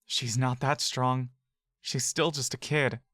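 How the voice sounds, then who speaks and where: A man voicing a frightened young male elf shapeshifter who speaks hoarsely and urgently, his voice breaking. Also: medium pitch, fairly even intonation, takes it slowly, fairly bright tone, dry recording, clean studio sound. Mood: grieving.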